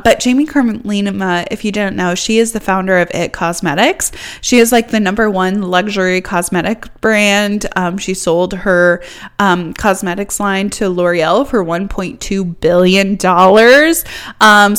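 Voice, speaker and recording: A woman's voice: medium pitch, clear, resonant tone. Chatty young woman podcast host. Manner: chatty, upbeat, frequent fillers and laughs. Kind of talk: casual solo podcast chat.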